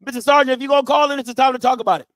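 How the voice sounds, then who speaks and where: A very high-voiced man hosts a live stream, hammering points home by repeating himself and swinging from loud to soft. The sound is dry and close to the mic, with no room echo. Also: steady tone, very fast. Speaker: live show host. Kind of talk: animated live-stream talk.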